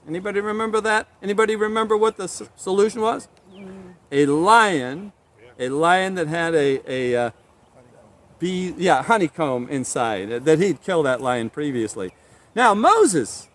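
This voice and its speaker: A man's voice: high voice, moderate pace. A man preaching a sermon, telling stories and reading scripture aloud with rising emphasis. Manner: animated storytelling, reads scripture with rising emphasis.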